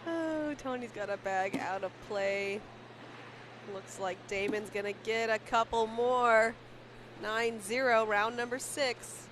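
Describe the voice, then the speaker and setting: A woman's voice: a little high, slow, fairly bright tone. A woman doing playful play-by-play commentary on a cornhole match. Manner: playful, laughs often between calls. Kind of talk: casual sports commentary. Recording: noisy event recording.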